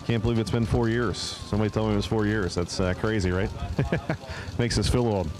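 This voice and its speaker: A man calling a drag race live at the track, chatty and excitable, announcing pairings and calling cars to the lanes. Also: fairly low pitch, a little fast. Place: outdoors at a drag strip.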